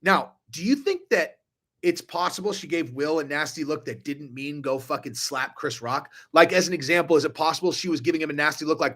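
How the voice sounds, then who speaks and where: A man's voice: fairly high pitch, brisk, a bit bright. A man ranting on a live stream, profane and rambling, restarting his sentences often. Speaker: online commentator.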